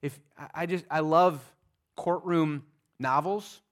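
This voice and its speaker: A pastor preaching a sermon in an emphatic, conversational way, with frequent restarts and vivid asides. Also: male voice, fairly high pitch, steady tone, slow.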